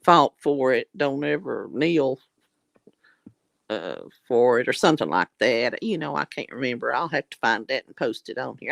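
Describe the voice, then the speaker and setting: A Southern US woman hosts a livestream, chatting casually with viewers in a folksy, affectionate way, calling them honey and blessing their hearts. Her voice is bass and gravelly, animated, at a moderate pace, with no echo.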